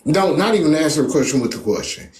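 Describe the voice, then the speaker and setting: A man talking in a casual debate, hesitant and halting, often restarting his sentences. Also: on the high side, very animated, a little mellow, roomy sound.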